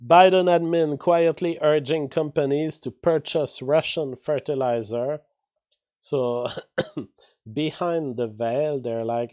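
A man's voice: fairly high pitch, steady tone, takes it slowly, a little mellow. A man casually reading headlines aloud and rambling through offhand asides in between. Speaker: vlogger reading news. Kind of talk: casual commentary on read-out headlines.

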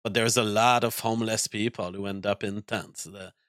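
A man's voice: on the low side, steady tone, moderate pace, a bit bright, no echo, clean studio sound. A man streaming, reacting to clips with profane rants. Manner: ranting, profane.

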